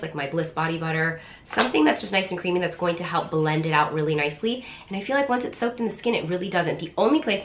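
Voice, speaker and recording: A woman's voice: on the low side, echoey room. A woman with a nasal, stuffy voice from being sick, chatting casually through a how-to beauty vlog with lots of "like" and "um". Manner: chatty, relaxed, lots of fillers like "like" and "um". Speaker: beauty vlogger.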